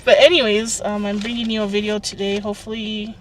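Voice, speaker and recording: A woman's voice: mid-range voice, level tone, a little fast. A young woman hosting a casual lifestyle vlog, chatting in a bubbly, rambling way from inside a parked car. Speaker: lifestyle vlogger. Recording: distant mic with air conditioner hum. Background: air conditioner running.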